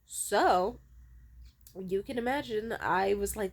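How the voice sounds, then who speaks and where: A woman in a casual storytime vlog, venting with blunt, profane candor. Her voice sits at an ordinary middle pitch for a woman. Her delivery stays heated and unfiltered throughout. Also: normal speed. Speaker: vlogger.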